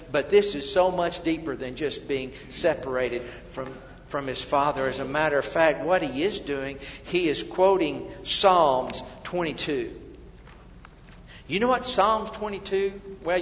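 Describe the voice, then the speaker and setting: A male pastor preaching a sermon in a high voice, dropping to near-whispers and rising to ringing, impassioned lines. The sound is dull and lo-fi, with a long reverb from a large hall. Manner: preaching with swings from hushed to loud.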